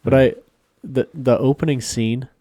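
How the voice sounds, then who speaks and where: Mellow laid-back man co-hosting a podcast. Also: medium pitch, steady tone, unhurried, no echo, clean studio sound. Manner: laid-back, laughs often. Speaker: podcast co-host. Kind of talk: casual chat.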